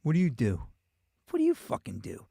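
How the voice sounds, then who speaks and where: A man's voice: medium pitch, wildly swooping pitch, a little fast, vocal fry, warm tone, slightly rough, no room sound, clean studio sound. A male show host with a New York accent, rambling through a profane, casual monologue full of restarts.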